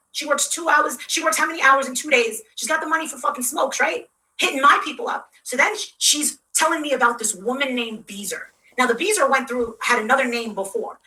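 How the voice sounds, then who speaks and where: A woman's voice: high voice, pushed and bright, recorded from a distance, slight background noise, rough recording. A woman telling a heated, profane story to her audience, acting out what others said in shifting voices. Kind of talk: ranting storytime.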